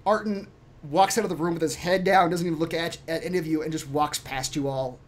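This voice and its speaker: A man narrating a tabletop game as game master, relaxed, with frequent fillers and laughs. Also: on the high side, brisk.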